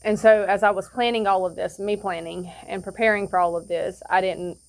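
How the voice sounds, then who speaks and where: At an outdoor campsite, a woman gives a casual personal testimony, rambling through her story with many fillers and restarts. Her medium-pitched voice is steady, brisk and creaky.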